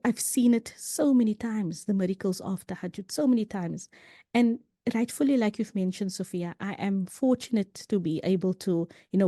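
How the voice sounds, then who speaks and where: Female podcast guest, mid-pitched and mellow, earnest and chatty, prone to restarts, recorded dry. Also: no echo. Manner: earnest storytelling, frequent "you know" and restarts. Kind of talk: casual podcast conversation.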